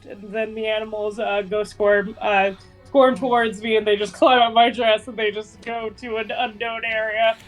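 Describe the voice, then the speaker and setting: A woman's voice: a little high, little pitch movement, normal speed, soft background music, low-quality recording. A woman playing a tabletop game, describing her character hesitantly with many fillers. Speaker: player.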